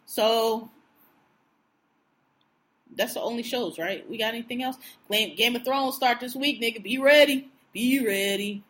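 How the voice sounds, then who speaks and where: A woman co-hosting a podcast in casual chat, with a blunt, profane, animated way of ranting. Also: fairly high pitch, unhurried, pauses often. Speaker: podcast co-host.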